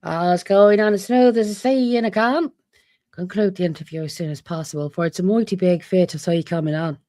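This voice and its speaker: A woman's voice: on the low side, brisk, dark tone, lightly acted. A woman doing a sly trickster servant. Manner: wheedling, teasing, mock-soothing.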